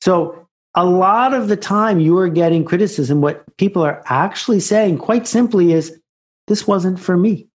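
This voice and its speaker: A man's voice: sits high, moderate pace. A man, an author, talking as a guest in an interview and building anecdotes toward a punchline. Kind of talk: conversational storytelling.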